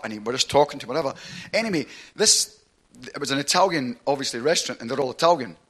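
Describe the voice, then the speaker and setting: A man with a Glaswegian Scottish accent, preaching a sermon through chatty, animated storytelling that keeps checking in with "right?". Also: medium pitch. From Glasgow, Scotland.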